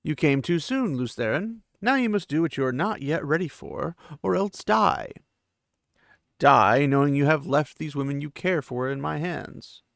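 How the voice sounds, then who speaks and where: Scornful ancient sorcerer villain, cold mockery, gravelly edge, dry close sound, as a man reads him. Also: on the high side, lively intonation, moderate pace, no echo. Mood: menacing. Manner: cold, mocking and threatening.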